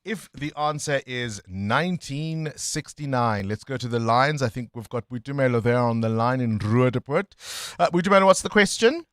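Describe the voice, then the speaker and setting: A man hosting a breakfast radio phone-in quiz, upbeat and quick. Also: medium pitch, lively intonation, a bit bright, dry recording, clean studio sound. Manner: upbeat, quick host banter. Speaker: radio host. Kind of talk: radio talk show, running a phone-in quiz. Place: radio studio.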